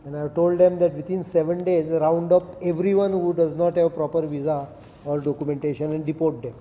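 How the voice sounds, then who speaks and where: A middle-aged man with an Indian English accent gives a firm, deliberate press statement as chief minister, reading out legal sections one by one. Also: on the high side, steady tone, warm tone, highs cut off. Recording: echoey room, faint background noise.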